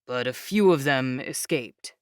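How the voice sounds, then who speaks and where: A woman voicing a calm young man who patiently explains things in a low, measured voice. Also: clean tone, no echo, clean studio sound. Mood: explaining.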